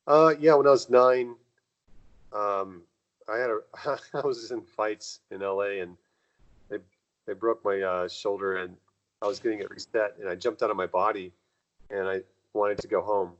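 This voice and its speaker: A man's voice: fairly even intonation, normal speed, lo-fi sound. A man, a guest in an interview, telling long rambling stories in a casual way and acting out the people he quotes. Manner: rambling, acts out quoted dialogue with jumps in pitch. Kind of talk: casual conversational storytelling.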